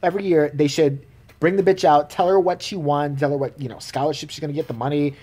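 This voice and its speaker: A vlogger ranting casually to camera in a profane, animated way, laughing often. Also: medium pitch, quick pace.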